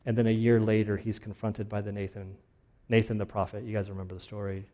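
A man preaching a casual, conversational sermon, relaxed and chatty, often saying "like" and restarting phrases. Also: on the low side, quick pace. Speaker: pastor.

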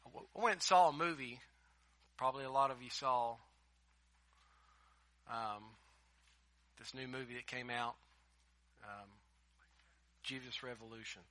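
A man preaching a sermon as a pastor, emphatic, swinging between loud declarations and hushed asides. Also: mid-range voice, unhurried, long pauses, dry recording.

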